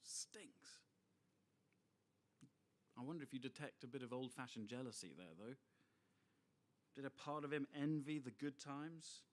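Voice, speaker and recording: A middle-aged man preaching a sermon, expressive and full of rhetorical asides to his listeners. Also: mid-range voice, moderate pace.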